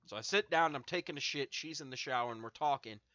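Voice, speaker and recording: A man's voice: medium pitch, quick pace, bright, forceful tone, no echo, dull audio. A young man hosting a stream, smoking and telling a long, profanity-laced story in a rambling, filler-heavy way. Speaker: streamer host. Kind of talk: casual storytelling to chat.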